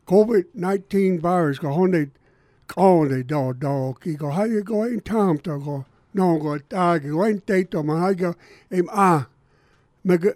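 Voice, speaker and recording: A man's voice: on the high side, a little mellow, dry recording. A man speaking earnestly in a radio studio, giving thanks and an opening prayer. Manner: earnest, heartfelt. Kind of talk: speech and spoken prayer on radio.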